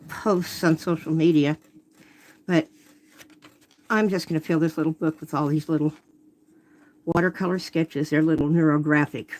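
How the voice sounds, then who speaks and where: A woman's voice: deep voice, a little mellow. A woman hosting a live watercolor demonstration from her home workspace, talking casually as she paints, often breaking off to apologize or comment on her setup. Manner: chatty, self-interrupting, apologetic. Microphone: phone camera.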